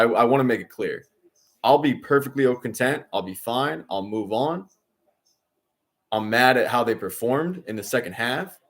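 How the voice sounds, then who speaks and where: A young adult man streaming live, ranting at a troll in his chat and insisting he is calm, repeating himself with sarcasm. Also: medium pitch. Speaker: watch-along streamer.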